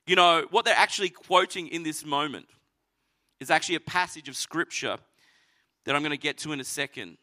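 A man preaching a sermon, telling the story with animated energy and acting out voices. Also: a little high, fairly quick. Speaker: pastor.

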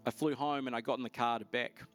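A man preaching to his church, sharing a personal testimony. He speaks at a mid pitch in a conversational, storytelling manner and climbs high when he gets excited. Soft music plays faintly behind him. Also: fast talker. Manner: animated storytelling, voice rising sharply when excited. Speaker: pastor.

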